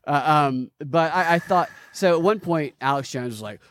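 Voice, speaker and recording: A man hosting a podcast in casual chat, rambling and swearing, with many halting restarts. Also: fairly high pitch, lively intonation. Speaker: podcast host.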